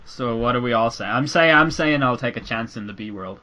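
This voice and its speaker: A man's voice: medium pitch, a little fast, bright, forceful tone, a little hiss or hum. A young Irish man hosting a podcast, chatting casually with a sweary, sarcastic edge. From Ireland. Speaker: podcast host.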